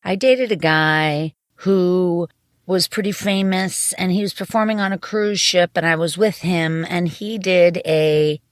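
Woman comic guest, kinda low voice, dry close sound, spilling stories animatedly. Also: unhurried, no echo. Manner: animated storyteller, candid. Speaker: comedian and podcaster guest. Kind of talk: casual interview chat.

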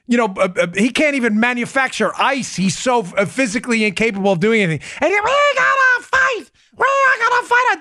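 Male podcast host, high bright voice, sarcastic, dry studio sound. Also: no echo. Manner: mocking, sarcastic. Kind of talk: casual commentary.

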